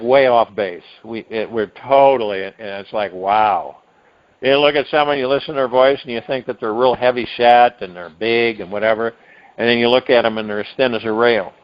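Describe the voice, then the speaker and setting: A man's voice: mid-range voice, expressive. Man speaking over a dull phone line. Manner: rambling, with restarts and drawn-out emphasized words. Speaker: meditation call host. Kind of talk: spiritual talk on a conference call.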